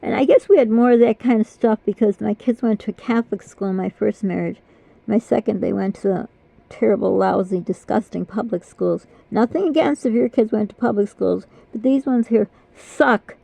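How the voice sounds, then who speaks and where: A woman's voice: mid-range voice, moderate pace, creaky, warm tone, no room sound. An older woman vlogger chatting casually and rambling, apologetic and self-deprecating, talking through pain in her mouth. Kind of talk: casual chat. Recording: dull lo-fi dry sound.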